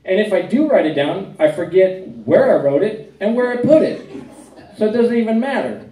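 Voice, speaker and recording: A man's voice: high voice, very animated, moderate pace, warm tone. Middle-aged man doing stand-up in an echoey club. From Arizona. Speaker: stand-up comedian. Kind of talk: stand-up comedy set. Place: comedy club stage. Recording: echoey club heard from a distance.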